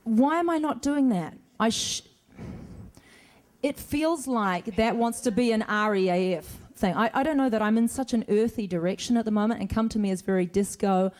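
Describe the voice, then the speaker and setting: A middle-aged woman with a fairly high, darkish voice talks at a moderate pace while taking fan questions. It's a casual Q&A on a convention stage in front of an audience, and she rambles chattily, often laughing.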